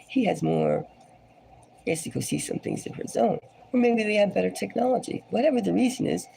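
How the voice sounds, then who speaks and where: A woman with a scratchy, heavily gravelly voice, hoarse as she gets over a cold. She rambles through a casual tarot reading in a low, dark tone, slipping into whispers at times. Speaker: tarot reader.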